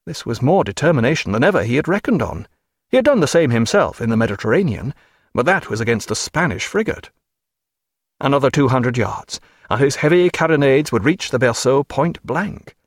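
A man's voice: medium pitch, big pitch swings, a little fast, no echo. Man narrating an audiobook, dry sound.

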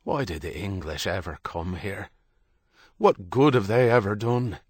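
A man voicing an aging village priest in an audiobook, speaking in a hushed, sighing way that flares into bitterness. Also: on the low side, animated, measured pace, slightly rough, dry recording, studio quality. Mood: bitter. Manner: mournful, hushed and sighing, flaring into bitter outbursts. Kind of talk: audiobook character reading.

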